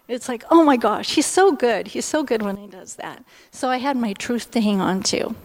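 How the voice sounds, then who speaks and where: A woman in her fifties speaks to a church gathering, sharing a personal testimony. Her voice sits a little high, and she talks candidly and from the heart, in a loose conversational flow with plenty of "um"s and restarts. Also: expressive, moderate pace, few pauses. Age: 50s.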